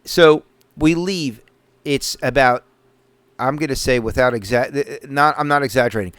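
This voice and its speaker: A middle-aged podcast host from the Northeastern US swears constantly as he spins loose, rambling anecdotes on a casual show. His medium-pitched voice is clean and fairly bright, delivered at a moderate pace in a dry recording.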